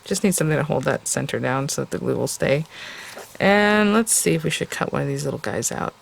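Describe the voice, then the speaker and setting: Chatty gravelly-voiced woman crafter. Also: low voice, a little fast. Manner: chatty and enthusiastic, addresses viewers directly. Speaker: craft tutorial host. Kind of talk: casual step-by-step crafting tutorial.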